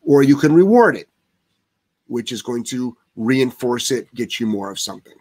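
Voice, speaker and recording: A man's voice: medium pitch, lively intonation, moderate pace, a little mellow, husky. A man who trains dogs, answering viewer questions live in a blunt, profane way that heats up into rants. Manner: blunt, swears often, heated rants.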